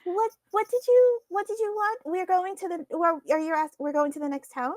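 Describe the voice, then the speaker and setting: A woman playing her character in a tabletop game, talking friendly, quick and a bit apologetic. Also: extremely high pitch, fairly even intonation, a little mellow, no room sound. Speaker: player.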